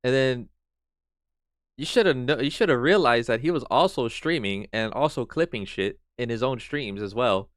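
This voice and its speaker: A man's voice: medium pitch, animated, moderate pace, no echo, clean studio sound. A man streaming a reaction to a video, ranting in exasperation and swearing freely.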